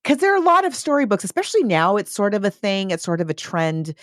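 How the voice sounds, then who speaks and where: A woman in a casual book discussion, animated and enthusiastic, acting out quotes with big jumps in her voice. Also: mid-range voice, quick pace, no echo, studio quality.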